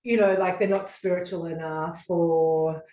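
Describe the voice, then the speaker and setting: A woman's voice: fairly low pitch, fairly even intonation, measured pace, dark tone, a little hiss or hum. A woman co-hosting a podcast, telling stories in casual chat with lots of fillers, sitting on a couch. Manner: chatty storyteller, rambling with many fillers. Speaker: podcast co-host. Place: living room couch. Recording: echoey room.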